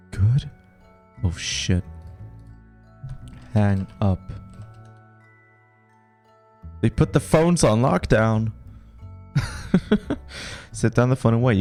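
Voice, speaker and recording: Give me a lower-pitched man casually reading a text adventure aloud on a live stream. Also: darkish tone. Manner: casual, reads game text quickly, trails off with fillers while deciding moves.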